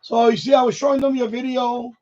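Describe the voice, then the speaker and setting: A man's voice: very high voice, level tone, a little fast, warm tone, muffled recording. A man hosting a live stream while tuning a radio, chatting casually and chuckling as he thinks aloud.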